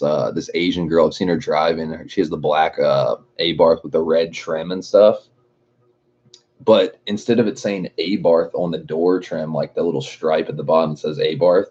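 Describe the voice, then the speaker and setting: Young guy streaming, deep mellow voice, cusses a lot, laughs, kinda muffled audio. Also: husky. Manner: profane, laughing, rambling. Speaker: livestream host. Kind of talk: casual chat with live chat readers.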